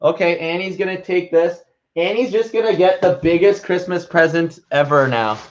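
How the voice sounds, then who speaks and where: A man's voice: high voice, moderate pace. A young man chatting playfully in a casual vlog and reading his own writing aloud. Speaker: vlogger. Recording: slightly dull lo-fi sound.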